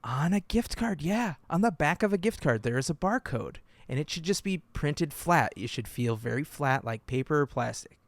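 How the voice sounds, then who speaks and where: A man co-hosting a podcast, telling stories in an animated, joking way and laughing often. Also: on the high side, moderate pace, no room sound. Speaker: podcast co-host. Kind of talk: casual podcast chat.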